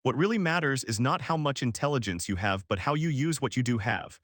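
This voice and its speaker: A man narrates a self-help audiobook in a steady, scripted read. His voice sits at an ordinary middle pitch and sounds close and dry, with no room around it. He keeps an even, measured delivery. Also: no echo.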